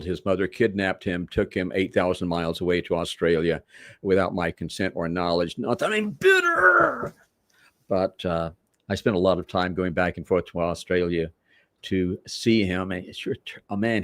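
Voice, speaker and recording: A man from Manchester, England, telling rambling, animated stories as a wrestler guest in an interview. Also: sits low, no echo, clean studio sound. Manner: rambling, animated, self-correcting storyteller. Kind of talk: interview storytelling.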